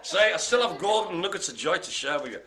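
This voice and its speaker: A man's voice: sits high, big pitch swings, fast, noisy background. A man hosting a live online bingo game, chatty and jokey, full of puns and asides. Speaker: bingo host.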